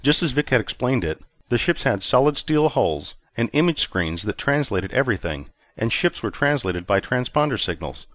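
Man narrator, audiobook, bright voice, lively pitch, dry close sound. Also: moderate pace, hardly any pauses, dry recording. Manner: clear, expressive storytelling. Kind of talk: scripted narration.

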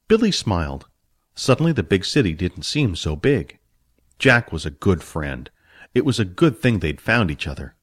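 A man narrating a fantasy storybook audiobook in an expressive storytelling manner. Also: low voice, moderate pace, husky, dry recording, studio quality.

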